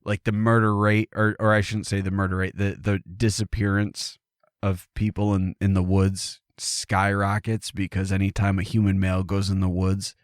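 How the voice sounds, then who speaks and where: A man's voice: sits low, monotone, moderate pace, no echo, clean studio sound. A man co-hosting a podcast, chatting casually and joking around, laughing often. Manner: joking, laughs often, puts on silly voices. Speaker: podcast co-host. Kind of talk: casual comedic chat.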